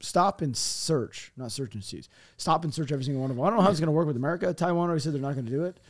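A man chatting casually as a co-host, blunt and profane, quick to laugh. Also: a little high. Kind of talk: casual chat.

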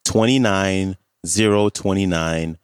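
A man hosting a podcast, reading a calm, measured outro. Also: sits low, clean tone, dry recording, studio quality. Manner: calm, measured, reads listings. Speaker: podcast host. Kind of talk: scripted outro.

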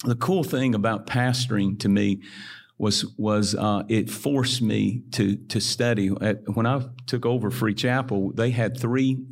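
Gravelly low-voiced pastor. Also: male voice, fairly even intonation, a little slow. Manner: reflective, advising fellow preachers. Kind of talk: interview conversation.

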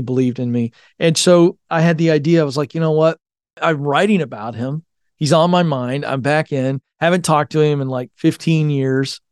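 Earnest, smooth-voiced man telling stories. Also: medium pitch, darkish tone, no echo, clean studio sound. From Virginia, Tidewater area. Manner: folksy, earnest storyteller. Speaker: guest author. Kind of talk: storytelling in a podcast interview.

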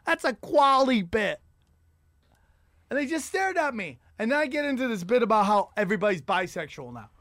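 A man's voice: very high-pitched, big pitch swings, a little fast, a bit bright, dry recording, clean studio sound. A man hosting a casual chat, telling rambling, profane, self-mocking stories.

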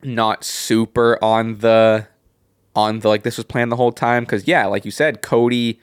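A male podcast co-host in casual wrestling talk, his voice a little low. He rambles and restarts his thoughts as he goes, and the sound is dry and close with no room around it. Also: steady tone, clear, resonant tone, no echo. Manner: rambling, halting, with many restarts and laughs.

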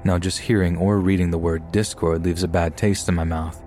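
A man reading scary stories aloud as a scripted narration, in a steady storytelling delivery. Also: sits low, moderate pace. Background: faint background music.

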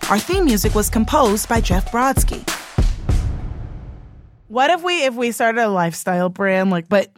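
A woman's voice: fairly high pitch, expressive, normal speed, pauses often, music in the background. A woman co-host reading show promos in a breezy, teasing way. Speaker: podcast co-host. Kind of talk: casual chat and show promos.

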